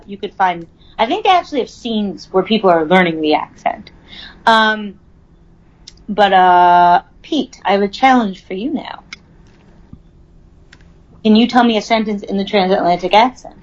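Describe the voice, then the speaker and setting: A young woman hosting a podcast in casual chat, talking with lots of ums and likes. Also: mid-range voice. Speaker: podcast host. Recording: slightly dull, lo-fi audio.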